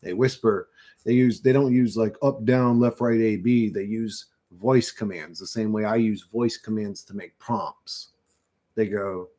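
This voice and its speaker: A man's voice: on the low side, steady tone, a little slow, dark tone. A man in his thirties hosting a livestream, ranting in a rambling, profane, conspiratorial monologue into a computer mic at his desk. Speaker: livestream host.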